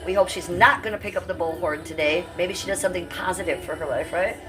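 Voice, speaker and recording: A woman's voice: on the low side, quick pace, over music. A woman in her fifties hosting a casual livestream, brash, profane and rambling as she reads out chat comments. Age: 50s. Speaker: livestream host.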